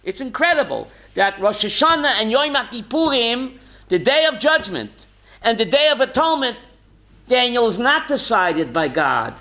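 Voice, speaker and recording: A man, a rabbi teaching a lively Torah class, asking rhetorical questions and calling on students by name, often chuckling. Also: very high voice, moderate pace.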